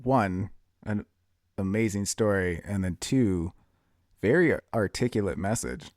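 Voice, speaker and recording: Deep-voiced man hosting a podcast. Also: a little slow, darkish tone, no echo, studio quality. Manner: brief affirming interjections. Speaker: podcast host. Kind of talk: casual conversation.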